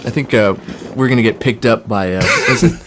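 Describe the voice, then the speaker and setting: A man's voice: fairly low pitch, a little fast, noisy background. A man co-hosting a casual podcast chat, joking and laughing a lot, rambling with fillers. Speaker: podcast co-host.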